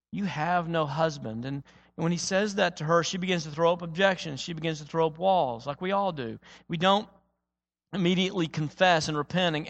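A man preaching a sermon, dramatic, moving between loud emphatic lines and quiet, low-spoken ones. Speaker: pastor. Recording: long reverb of a large hall.

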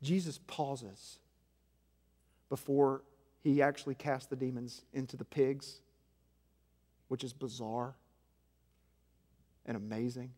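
A man preaching a sermon as senior pastor, swinging between loud emphasis and hushed, low passages. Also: fairly even intonation, slow pace, pauses often. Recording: long hall reverb.

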